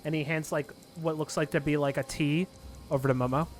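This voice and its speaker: A man's voice: on the high side, steady tone, brisk, faint music behind. A man narrating a tabletop game as dungeon master, in loose narration full of fillers.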